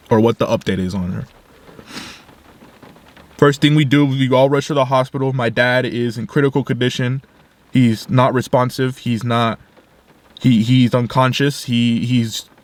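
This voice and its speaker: Young guy vlogging, mid-range voice, quiet and halting, keeps restarting his sentences. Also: medium pitch. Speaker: video creator. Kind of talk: personal storytelling vlog.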